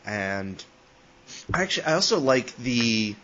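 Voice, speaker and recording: A man's voice: medium pitch, very animated, slow, a bit bright, highs cut off, slight background noise. A man co-hosting a casual book discussion podcast, joking and laughing often. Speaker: podcast co-host.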